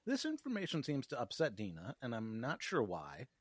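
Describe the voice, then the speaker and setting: A man's voice: medium pitch, huge pitch swings, normal speed, breathy edge, no room sound, clean studio sound. A man co-hosting a podcast, recapping an episode in casual chat with wry, profane asides and frequent laughs. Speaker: podcast co-host.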